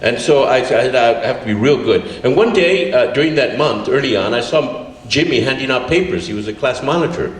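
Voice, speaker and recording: A man in his seventies from California telling a childhood story to a live audience, chuckling and filling pauses as he goes. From California, USA. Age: 70s. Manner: animated, laughing, many fillers. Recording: roomy, distant live recording with faint rumble.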